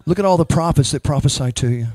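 With a slightly high, quick and mellow voice, a man ministers as a prophet in church, emphatically praying over a woman. No room sound is audible.

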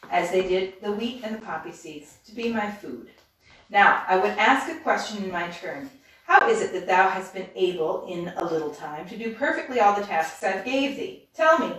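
A woman reading a storybook aloud, voicing a fierce, snappish old witch in slow, archaic speech, recorded from a distance in a roomy space. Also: mid-range voice, close to an everyday voice. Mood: demanding.

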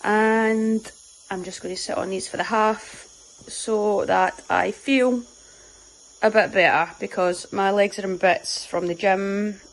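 A woman's voice: medium pitch, steady tone, slow pace. A young Scottish woman, a footballer, chatting casually to her phone camera and joking at her own expense. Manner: chatty, self-mocking, upbeat; whispering early in the morning. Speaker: professional footballer vlogging her day. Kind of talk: casual vlog. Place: home and training ground, indoors.

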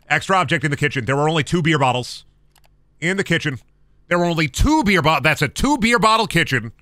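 A man streaming a horror game, talking to himself with profane jokes and sudden shouts. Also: lively intonation, quick pace, no room sound. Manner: profane, jokey, talks to himself while playing; sudden high-pitched shouts and sing-song bits. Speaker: gaming streamer. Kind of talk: live-stream gameplay commentary.

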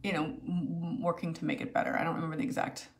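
A woman's voice: sits low, flat delivery. Emotional woman telling a personal story. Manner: emotional, halting, many restarts and fillers. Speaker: video host sharing a personal story.

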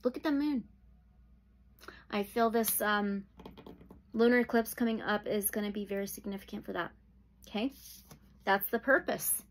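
A woman giving a pick-a-pile tarot reading, slow and soothing, with sudden excited outbursts. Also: medium pitch. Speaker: tarot reader.

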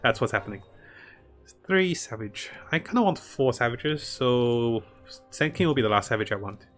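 A man's voice: medium pitch, animated, moderate pace, a bit bright. Upbeat male streamer talking through his game over light background music, greets chat, laughs easily. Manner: chatty, laughs often, greets chat viewers. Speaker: streamer playing a strategy game. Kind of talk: live game commentary.

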